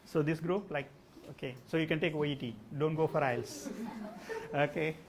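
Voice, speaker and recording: At normal speed and a slightly high pitch, a man teaches a live English test class, explaining answers full of "like" and "okay" and directing questions at the students. He's a language test trainer, and a little hiss or hum runs under the recording.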